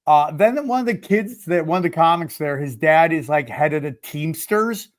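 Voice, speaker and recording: Man, high-pitched voice, podcast host, comedic storytelling, animated, swears a lot. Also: normal speed. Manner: animated, swears freely, acts out quotes.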